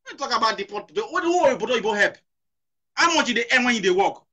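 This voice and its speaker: A middle-aged Nigerian man hosts a heated talk show, his voice pitched high with a bright edge. He hammers his points home, repeats his questions and drops into Pidgin. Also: very animated, quick pace. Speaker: host. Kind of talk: impassioned talk show discussion.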